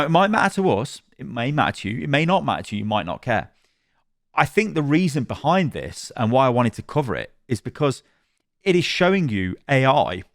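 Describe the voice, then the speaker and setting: A man commenting on games, reacting to a review he reads aloud, animated and rambling, with frequent laughs and restarts. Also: mid-range voice, no echo, clean studio sound. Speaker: gaming commentator.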